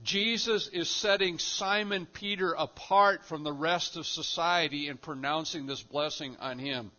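A man's voice: fairly high pitch, measured pace, sharp tone, dull audio. A man preaching a sermon in an emphatic style, often repeating and restarting his phrases. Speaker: pastor.

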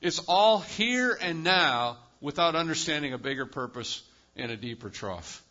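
A male pastor preaching a sermon with emphatic delivery, swinging between loud, high-pitched bursts and quiet, low drops. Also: expressive, normal speed, lo-fi sound. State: lives with chronic pain.

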